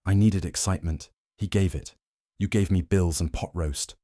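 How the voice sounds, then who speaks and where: A man with a very low voice voicing a smug, mocking young wife who shrugs off her cheating in an audiobook story. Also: steady tone, moderate pace, dark tone, dry recording, clean studio sound. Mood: scornful. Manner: dismissive, mocking.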